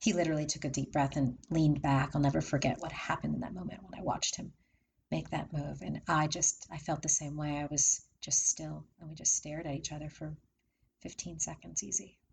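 Low-voiced woman telling a personal story. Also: fairly even intonation, brisk, gravelly, darkish tone, a little hiss or hum. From from Maryland area. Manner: heartfelt, chatty, laughs often.

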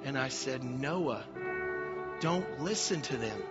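A middle-aged man, a pastor, preaching a sermon that moves from quiet personal stories to loud, emphatic calls to the congregation. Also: medium pitch, animated, takes it slowly. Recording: slightly dull sound with faint music behind.

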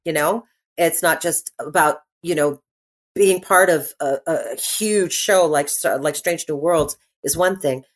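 A middle-aged actress speaks in a low-pitched voice as a podcast guest during a casual interview. She's energetic and digressive, often beginning sentences again and padding her pauses.

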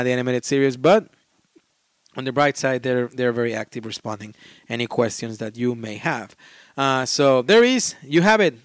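A man's voice: medium pitch, clear, resonant tone, dry recording, clean studio sound. A man hosting a casual solo board game podcast, talking in an enthusiastic, rambling way and often restarting and apologizing for his pronunciation.

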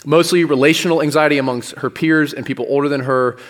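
A man's voice: a little high, fairly even intonation, fast talker, in a large hall. A man, a pastor, preaching a sermon in a loose, joking, conversational way. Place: church sanctuary.

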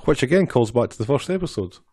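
Male co-host: mellow, wry and matter-of-fact, dry close sound. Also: medium pitch, lively intonation, fast, slightly rough, dry recording. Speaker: podcast co-host. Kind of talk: casual chat recapping a cartoon episode.

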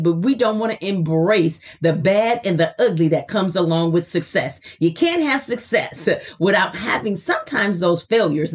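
A woman's voice: fairly low pitch, slightly rough. A woman hosting a motivational podcast as a success coach, enthusiastic and emphatic, often repeating words for effect.

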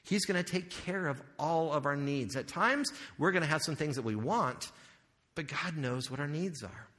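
A man's voice: fairly high pitch, moderate pace, fairly bright tone. A male pastor preaching a sermon in a conversational way, asking the audience questions and making joking asides. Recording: long hall reverb.

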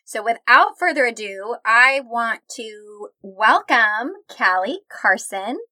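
A woman's voice: a little high, lively intonation, takes it slowly, sharp tone, no room sound. Beaming woman podcast host. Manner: enthusiastic, smiling delivery. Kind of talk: warm podcast interview.

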